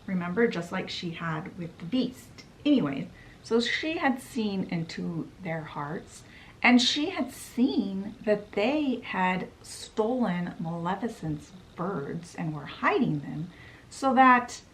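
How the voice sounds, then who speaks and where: A woman's voice: mid-range voice, sing-song, takes it slowly, a little hiss or hum. A woman vlogger casually retelling a fantasy book plot, quoting characters in a chatty way. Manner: chatty, quotes characters with "she's like".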